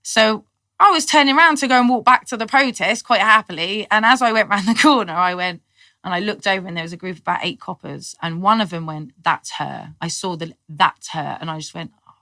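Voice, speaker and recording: A middle-aged woman, a podcast guest telling her story in lively, casual talk, acting out what people said and laughing often. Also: medium pitch, fast talker, no echo. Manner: animated storyteller, acts out quotes, laughs often. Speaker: guest, cannabis activist.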